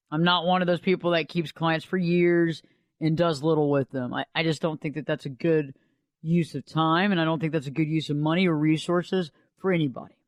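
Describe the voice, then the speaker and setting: A woman's voice: lowish voice, no echo. A woman host and life coach giving a conversational storytelling monologue on a radio show, driving her points home with repeated "think about it.".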